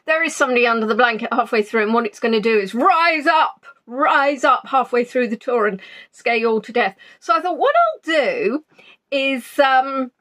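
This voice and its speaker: An Englishwoman with a somewhat high voice chats away cheerfully from a spare room at home, greeting viewers one by one. Her talk is loose and jolly, full of little ums, as on a home live stream. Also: expressive, normal speed, fairly bright tone. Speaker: online tour guide. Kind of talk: casual pre-tour chat on a live stream.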